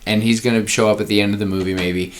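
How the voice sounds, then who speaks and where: A man's voice: on the low side, quick pace. A man co-hosting a podcast, casually brainstorming a story and acting out its scenes. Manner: animated, acts out scenes. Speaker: podcast co-host.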